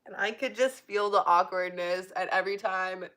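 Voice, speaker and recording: A woman's voice: medium pitch, steady tone, a bit bright. A young woman casually reading a book aloud, breaking off to chat and laugh now and then. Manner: reads haltingly, stops to chat and laugh.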